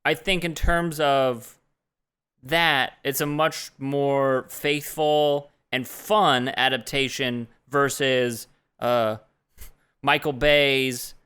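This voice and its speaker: A man's voice: medium pitch, a bit bright, smooth. A man co-hosting a podcast in casual chat, earnest and rambling as he restarts his thoughts. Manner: earnest, rambling, self-interrupting. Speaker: podcast co-host.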